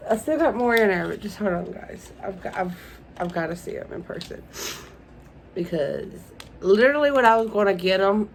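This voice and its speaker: A young woman chatting through a casual beauty unboxing vlog, gushing and openly emotional as she talks to her viewers. Her voice sits a little low for a woman. A faint hiss runs under the recording. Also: rough recording. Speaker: beauty vlogger.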